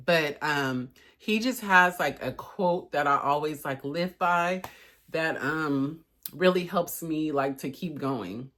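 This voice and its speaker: A young woman lifestyle vlogger speaks in a low, unhurried, slightly bright voice, chatty and encouraging, with plenty of "y'all." It's casual motivational vlog talk, and she gets emotional enough that her voice cracks now and then.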